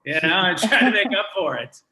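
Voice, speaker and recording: A man's voice: high voice, very animated, brisk, noisy background. A young man from Canada doing a live stand-up comedy set, self-deprecating and conversational. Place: comedy venue with live audience.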